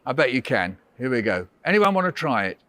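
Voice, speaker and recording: A man's voice: mid-range voice, very animated, fairly quick, fairly bright tone, no echo. A man, a visiting author, running a playful storytelling workshop for children and coaxing them with questions.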